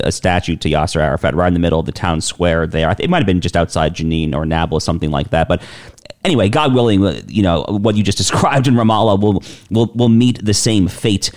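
Fast-talking podcast host with a very low voice. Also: male voice, darkish tone. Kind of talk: podcast interview.

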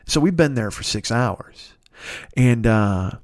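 A man spinning a casual story as a podcast host. He swears freely and keeps an animated, chatty delivery. His voice sits in a middle register, recorded dry and close. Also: mid-range voice, slow pace, no room sound.

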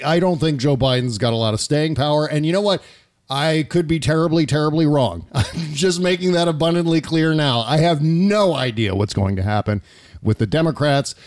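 Joking talk-radio host, lively pitch. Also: male voice. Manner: joking, laughs often, quick asides. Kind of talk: casual comedic talk radio chat.

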